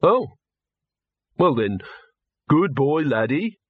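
A man's voice: on the high side, big pitch swings, slow, no room sound, narrow, tinny audio, voice pushed up, exaggerated voice. A plain young man, somewhat bewildered, speaking mildly and a little uncertainly, as a male narrator reads him. The sound is close and dry.

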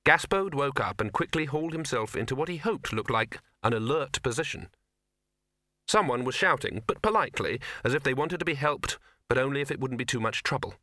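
A man reading a story aloud in an audiobook with wry, measured storytelling. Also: medium pitch, animated, pushed and bright, no echo, clean studio sound. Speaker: audiobook narrator. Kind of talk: scripted narration.

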